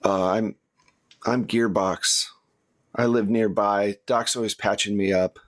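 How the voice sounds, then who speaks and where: A huge scarred brute with a deep, low voice, as a man puts him on. He asks short, blunt questions and gets straight to the point. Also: fairly even intonation, a little slow, lightly acted. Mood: gruff. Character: huge tall scarred man, gruff and protective.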